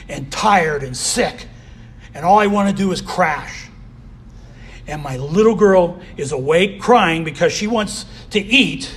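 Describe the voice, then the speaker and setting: Husky high-voiced man sharing his story. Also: a bit bright. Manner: candid, heavy use of "you know". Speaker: recovery convention speaker. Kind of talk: personal recovery share.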